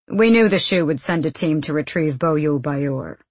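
A cool, commanding young gang leader read by a woman speaks in clipped, measured lines. Her low, husky tone stays close and dry. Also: expressive, no room sound, heavily acted.

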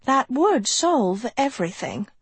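Woman doing a sighing, gentle older professor. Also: sits high, very animated, a little slow, breathy edge, no room sound, voice pushed up, exaggerated voice. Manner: soft, sighing, a little airy.

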